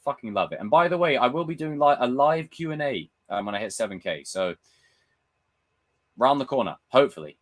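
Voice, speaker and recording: A young man chatting casually on his live stream, reading viewer comments, swearing freely and acting out film scenes with loud impressions. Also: medium pitch, brisk. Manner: animated, swearing, reads and answers chat comments. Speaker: livestream host.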